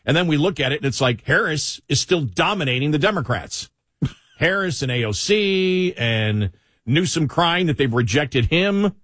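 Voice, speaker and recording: A man's voice: fairly high pitch, animated, moderate pace, fairly bright tone, no room sound, studio quality. A man with a Buffalo accent co-hosting a talk radio show, chatting casually and leaning on fillers. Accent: Buffalo, New York. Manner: chatty, leans on fillers, laughs often. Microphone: studio microphone.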